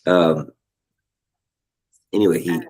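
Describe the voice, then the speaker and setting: A middle-aged man leading a casual spiritual study group over a video call, talking in an animated, rambling way and searching for words. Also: low voice, slow, breathy edge, rough recording.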